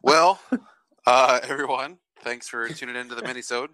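A man co-hosting a podcast in casual chat, joking and laid-back, often filling pauses with "uh". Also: medium pitch, fairly even intonation, pushed and bright, no room sound. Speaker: podcast co-host.

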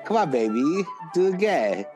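A man doing a put-on character voice that is high and sing-song, all cajoling and pushy. It leaps far above his usual deep speaking voice. Music sits in the background. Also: animated, racing, lightly acted. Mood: coaxing.

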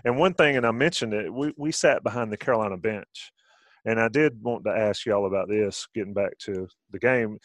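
A man's voice: on the low side, moderate pace, no room sound. A middle-aged man hosting casual sports talk, rambling with restarts. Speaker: sports radio host.

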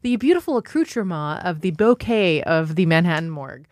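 A woman's voice: on the low side, big pitch swings, fairly quick, dry recording. A woman co-hosting a comedy podcast, telling rambling, profane stories in casual chat. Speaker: podcast co-host.

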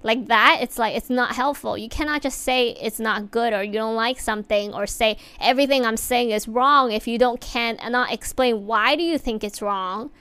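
A woman's voice: fairly high pitch, normal speed, few pauses, clear, resonant tone, no echo. Chatty woman giving workplace advice. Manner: chatty, many fillers, animated emphasis. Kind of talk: casual advice talk to viewers.

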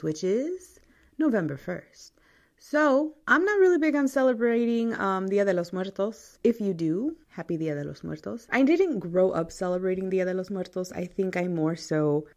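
A woman's voice: lowish voice, gravelly, a little mellow. A woman in her thirties with a Midwestern American accent, hosting a podcast in casual chat and laughing often. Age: 30s. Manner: chatty, laughs often, mixes Spanish phrases. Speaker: podcast host.

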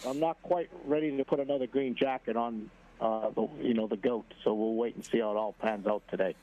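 A man commenting on golf, halting and full of fillers. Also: medium pitch, steady tone, lo-fi sound. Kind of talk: sports commentary.

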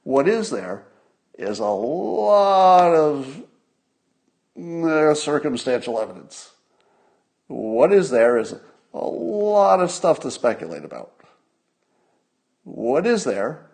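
A man's voice: a little high, very animated, slow pace, pauses often, darkish tone. Older man giving solo spoken commentary. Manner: conversational, repeats points for emphasis, rhetorical questions. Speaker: host of a commentary stream. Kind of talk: solo political commentary to viewers.

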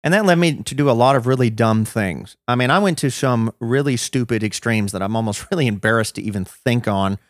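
A man's voice: mid-range voice, a little fast, few pauses, dry recording, studio quality. Man telling a self-deprecating story. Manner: reflective, self-deprecating, rambling with restarts. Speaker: podcast guest. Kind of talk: personal storytelling in a podcast interview.

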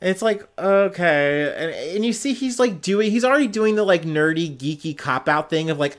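A man's voice: high-pitched, animated, normal speed. A man hosting a casual solo news podcast, jokey and sarcastic, laughing often as he riffs. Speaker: podcast host.

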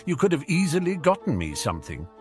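A man's voice: fairly high pitch, huge pitch swings, fast talker, darkish tone, soft background music, voice pushed up. A man voicing a sarcastic, cheeky teenage boy wizard in a storybook reading, teasing and mock-dramatic. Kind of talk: audiobook character reading.

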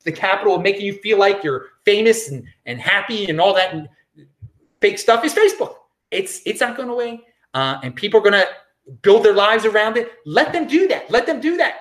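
Male solo podcast host, opinionated and rambling, lively swooping pitch. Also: brisk. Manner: opinionated, rambling, frequent restarts.

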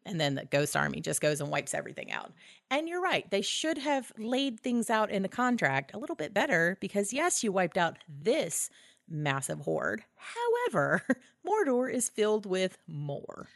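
A woman's voice: medium pitch, big pitch swings, moderate pace, gravelly, no echo, clean studio sound. A woman co-hosting a podcast, retelling film scenes with enthusiasm, swearing freely and acting out characters' lines. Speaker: podcast co-host. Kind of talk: casual film discussion.

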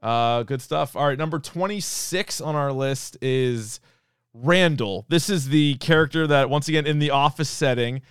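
A man co-hosting a comedy podcast in an easygoing, loose way, slipping into quick impressions as he retells scenes. His voice is smooth and resonant, recorded close and dry with no room sound around it. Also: fairly high pitch, no echo. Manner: animated, acts out quoted lines. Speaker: podcast co-host. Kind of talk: casual comedy podcast chat.

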